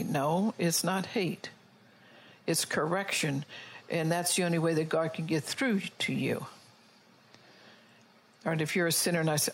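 A woman preaching a sermon, emphatic and scolding, who calls on the congregation to agree and slows down for quoted scripture. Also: lowish voice, slight background noise.

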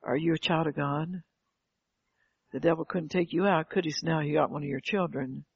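Older woman preacher, fervent sermon delivery, gravelly and husky, heard on a dull lo-fi recording. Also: deep voice, fairly even intonation, fairly quick, no room sound. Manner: fervent, calls out "Amen" and rhetorical questions. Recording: dull lo-fi, dry sound.

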